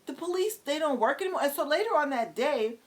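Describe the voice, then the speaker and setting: A middle-aged woman from New City, telling a story in an exasperated, halting vlog rant. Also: high voice. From New York City. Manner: animated, exasperated, halting with many fillers. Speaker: vlogger.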